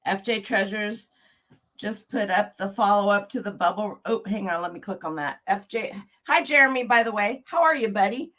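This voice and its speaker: This woman, in her fifties, runs a relaxed livestream with a medium-pitched voice at normal speed, laughing warmly and welcoming viewers one at a time.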